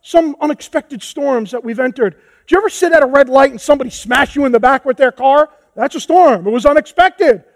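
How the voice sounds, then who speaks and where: A man preaching a passionate sermon as pastor, moving from hushed tones to shouts. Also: extremely high pitch, a little fast, hardly any pauses, dry recording. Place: church hall with a congregation.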